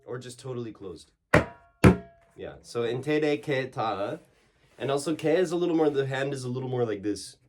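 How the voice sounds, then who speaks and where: A man giving a relaxed one-on-one drum lesson, explaining strokes in halting phrases and singing out the drum syllables. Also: medium pitch, loud music behind the voice. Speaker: drum teacher. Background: drumming.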